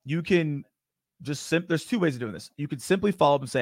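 A man on a panel, talking in a relaxed, conversational way and explaining step by step. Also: a little high, fast, no room sound, studio quality. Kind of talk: casual panel discussion.

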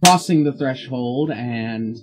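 A man narrating as game master in a tabletop game, with slow, halting descriptions and fillers. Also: mid-range voice, noisy background.

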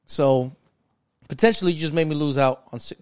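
A man hosting a casual podcast, talking in an animated, profane, mock-indignant way as he ribs his co-host. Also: on the high side, a little fast, clean tone, dry recording, studio quality.

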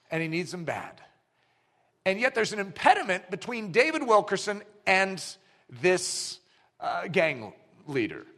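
A man delivers a sermon with a bright, fairly high voice. He swings widely in pitch as he tells a story and acts out the dialogue himself. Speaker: preacher.

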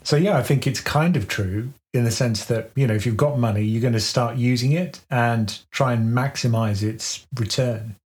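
Man calmly explaining money matters. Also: mid-range voice. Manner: measured, explanatory, uses everyday analogies. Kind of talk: conversational finance explainer.

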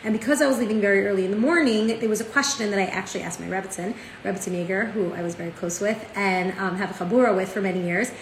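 A woman teaching a casual Torah lesson. She tells stories in a chatty, animated way, often checking in with "right?". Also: mid-range voice, quick pace, hardly any pauses. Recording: echoey room with faint ambient noise.

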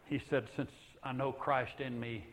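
A man's voice: level tone, normal speed, a little hiss or hum, low-quality recording. Earnest older male preacher. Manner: earnest, swings from loud emphatic peaks to hushed low passages. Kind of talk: sermon.

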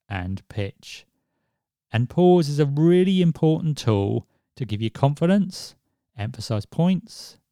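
A man hosts a podcast on public speaking. His voice is mellow and warm, and he talks in a chatty way, acting out little examples. The recording is dry and close. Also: mid-range voice, no echo. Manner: chatty, demonstrates examples, many "sort of" fillers. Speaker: podcast host.

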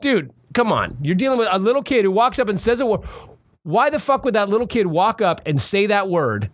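A man's voice: high voice, brisk, no echo, clean studio sound. A man in a casual podcast argument, swearing a lot and restarting his sentences as he pushes his point. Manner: profane, animated, stammering restarts. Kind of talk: casual debate chat.

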